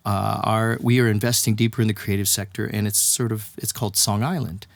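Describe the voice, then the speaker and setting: A Texan songwriter, appearing as an interview guest, tells a long, animated story in conversation, acting out the voices of the people he quotes and laughing often. His mid-range voice is brisk, and the recording is dry.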